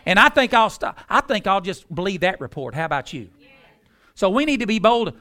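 A man's voice: high voice, very animated, fairly quick, pushed and bright. A man preaching a sermon, emphatic and folksy, stretching words out for drama.

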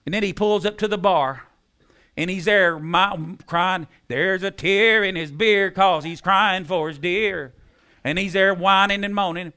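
A man preaching a sermon, repeating key phrases with emphasis and dropping into soft tones. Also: sits high, measured pace, clear, resonant tone. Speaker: pastor.

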